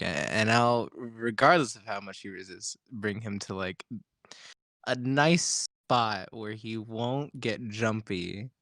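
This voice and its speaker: A man's voice: fairly low pitch, slow pace, fairly bright tone, no room sound, studio quality. A man playing a tabletop game, speaking in a playful way. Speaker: player. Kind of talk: tabletop role-play.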